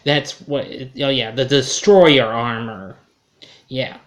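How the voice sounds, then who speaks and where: A man's voice: medium pitch, slow, fairly bright tone. A man giving a casual film review, rambling and correcting himself as he goes. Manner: rambling, self-correcting, chuckles at his own slips.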